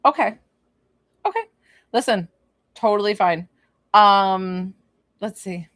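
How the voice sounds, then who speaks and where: A woman's voice: mid-range voice, takes it slowly, a bit bright, no echo, clean studio sound. A woman working as a psychic medium, giving an informal one-on-one reading and thinking aloud with lots of fillers. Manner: bursts into laughter.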